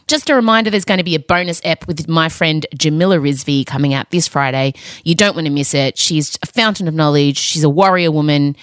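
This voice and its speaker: A woman's voice: on the low side, a bit bright, no echo, studio quality. Giggly, teasing woman podcast host. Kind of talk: casual podcast chat.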